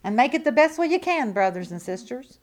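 With a sing-song, fairly high voice and a slightly fast pace, this woman delivers a sermon. She repeats her points emphatically, shifting from booming proclamations to quiet asides, and keeps it chatty and folksy with plenty of rhetorical questions.

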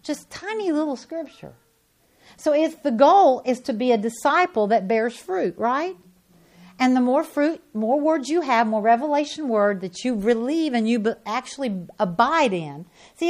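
A woman preaching a sermon in a folksy, emphatic way that swells into loud insistence. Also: fairly high pitch, animated, normal speed.

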